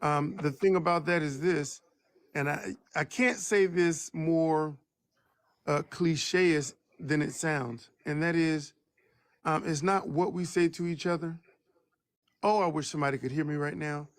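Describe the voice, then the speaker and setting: High-toned man preaching on a live stream. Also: steady tone. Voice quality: baritone. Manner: preachy, emphatic, slow for stress. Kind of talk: casual live stream chat.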